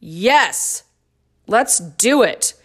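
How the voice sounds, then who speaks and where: A woman's voice: medium pitch, lively intonation, drawn-out words, fairly bright tone, husky. A middle-aged woman hosting her own dance fitness podcast, chatty and goofy with playful asides. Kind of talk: casual solo podcast talk.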